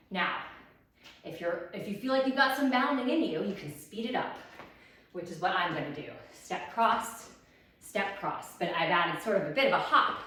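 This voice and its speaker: A woman's voice: mid-range voice, a bit bright. Breathless upbeat woman fitness instructor, echoey room. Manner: upbeat, counting reps while exercising. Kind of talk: workout instruction. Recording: echoey room, distant mic.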